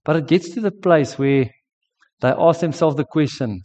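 A man's voice: on the high side, normal speed, darkish tone. A man with a South African accent preaching a sermon in a chatty, storytelling way, with many restarts. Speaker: pastor. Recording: dull lo-fi sermon recording.

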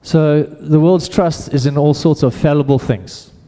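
Male pastor, relaxed and chatty delivery, mellow tone, church hall echo. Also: fairly high pitch, measured pace. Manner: casual, conversational preaching with repeated restarts. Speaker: preacher. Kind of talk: sermon.

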